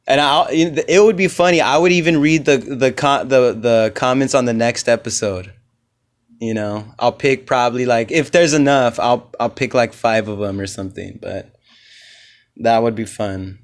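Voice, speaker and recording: A man's voice: mid-range voice, normal speed. A man hosting his own comedy podcast alone, telling stories casually in a loose, profane, rambling way and acting out the voices of the people he quotes. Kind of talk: casual solo podcast chat.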